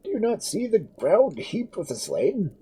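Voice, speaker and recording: A man's voice: high voice, wildly swooping pitch, a little slow, warm tone, breathy edge, pitched above the performer's own voice, full character voice, rough recording. Man doing an earnest, declaiming old father. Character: proud talkative old father, gentleman.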